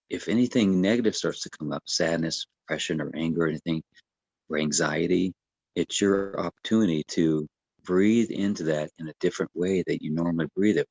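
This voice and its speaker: A man with a very low voice talks a listener through breathwork in a gentle, easygoing way. He pauses often and restarts his sentences. The recording is close and dry. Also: dry recording, dull audio. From United States. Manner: gentle, unhurried, with many fillers and restarts. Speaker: breathwork coach. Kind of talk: casual explanatory talk.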